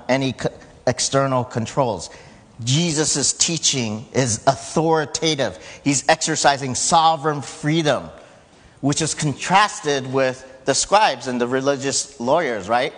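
A man preaching a sermon to his church in a conversational way, rising loud when he quotes. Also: mid-range voice. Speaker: pastor. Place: church sanctuary. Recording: church hall reverb.

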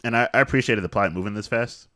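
A man's voice: on the low side, fast, fairly bright tone, no room sound. A man co-hosting a casual movie review chat, laid-back, adding trivia and dry jokes. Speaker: podcast co-host.

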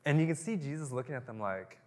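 An animated man preaches a casual sermon, jumping between voices and breaking into laughter. His mid-range voice carries a long reverb, as if from a church hall. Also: mid-range voice, fast talker. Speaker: pastor. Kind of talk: conversational sermon.

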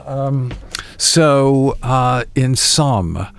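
A man's voice: medium pitch, drawn-out words, gravelly, a bit bright, clear, resonant tone. A man hosting a casual radio talk show, prompting his guest and adding dry quips. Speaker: host.

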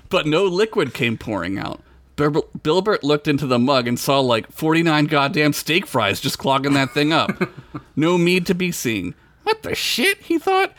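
A man's voice: on the high side, expressive, measured pace, pauses often, fairly bright tone. A man reading a crude comic story aloud as podcast host, laughing often.

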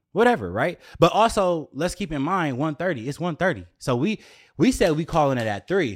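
A young man in the middle of a storytime rant, talking straight to his viewers. He swears freely, piles on "like" and restarts, and keeps throwing out exasperated rhetorical questions. His pitch sits in a middle range. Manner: animated, profane, full of fillers and repeated rhetorical questions.

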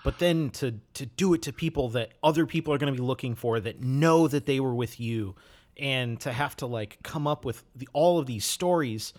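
A man's voice: medium pitch, moderate pace, a little mellow. A man from Wisconsin, a podcast host, reflecting casually on a book with many "you know"s. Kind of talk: casual chat.

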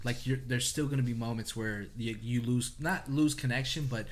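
A man's voice: mid-range voice, moderate pace. A man co-hosting a casual podcast chat, telling stories loosely, swearing and laughing as he goes. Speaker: podcast co-host.

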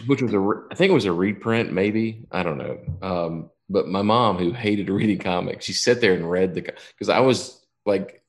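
A man's voice: sits low, normal speed, hardly any pauses. A man in his fifties telling a long personal story in casual chat, rambling and profane, often restarting his sentences.

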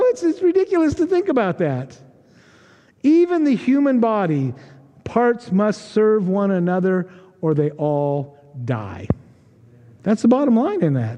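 A high, dark-toned male voice comes from an American pastor preaching a chatty, humorous sermon in a church sanctuary, acting out quoted voices. The highs are cut off, and the church hall adds a long reverb.

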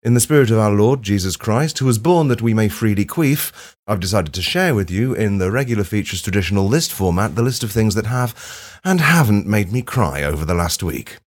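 A low-voiced man talks through a comic podcast monologue in a dry, self-deprecating way. He swears freely and breaks into sudden loud outbursts. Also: animated, fairly quick. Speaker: podcast host. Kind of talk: comedic monologue.

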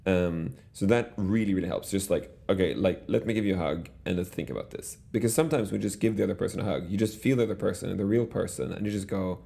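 A man's voice: deep voice, fast, gravelly, hardly any pauses, mellow. A middle-aged man telling stories as an interview guest, rambling with many restarts and fillers. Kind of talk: casual conversational storytelling.

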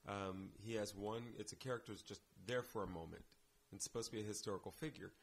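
A man's voice: lowish voice, fast talker. A man, a theater director guest on a podcast, telling anecdotes in casual chat and acting out the lines he quotes.

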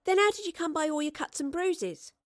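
A woman reading the part of a brisk, stern female professor in an audiobook, firm and questioning. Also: extremely high pitch, no room sound, clean studio sound, pitched above the performer's own voice.

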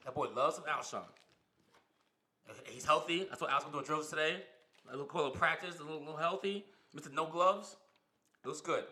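A man co-hosting a sports podcast, casual and animated, teasing his co-host. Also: fairly high pitch, a little fast, pauses often.

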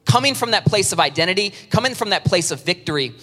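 A man preaching an animated sermon, acting out worried churchgoers in a high, strained voice. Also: quick pace. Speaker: pastor. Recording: reverberant hall sound.

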